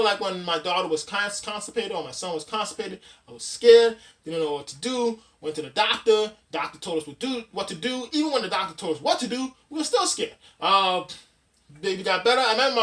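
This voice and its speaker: Chatty dad vlogger, a little off-mic. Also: male voice, high-pitched, fast, fairly bright tone. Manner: rambling, chatty, with frequent fillers and loose restarts. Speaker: dad vlogger hosting his channel. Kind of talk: casual advice vlog counting down a list. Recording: voice somewhat distant from the mic.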